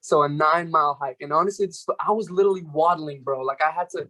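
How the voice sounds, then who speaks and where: A young man, a podcast guest, telling stories in a fast, animated way and ending his sentences with "right?". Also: fairly high pitch. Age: young adult. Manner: rapid, animated, keeps tagging "right?" and "bro". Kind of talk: casual storytelling interview.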